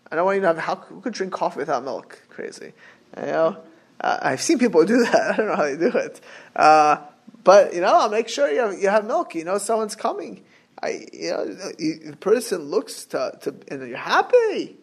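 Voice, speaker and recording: A man teaching a lively Torah class as a rabbi, joking and acting out little scenes, with Hebrew and Yiddish terms woven in. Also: high-pitched, normal speed.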